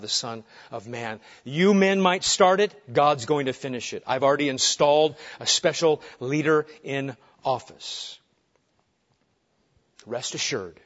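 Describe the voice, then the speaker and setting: Man, preacher, expository sermon, dramatic loud-soft swings, slightly high voice, dull lo-fi sound. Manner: dramatic shifts between booming emphasis and hushed calm.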